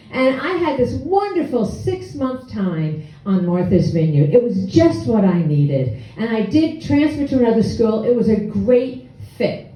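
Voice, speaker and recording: A woman in her sixties telling a personal story on stage, wry and animated, acting out her own past lines. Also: a little high. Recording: echoey hall, distant dull mic.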